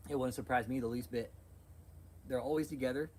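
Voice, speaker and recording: A man's voice: medium pitch, fairly even intonation, a little fast, a little mellow, a little hiss or hum, rough recording. A man hosting a livestream, ranting in a crude, heated, sarcastic way. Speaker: livestream host. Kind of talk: profane livestream rant.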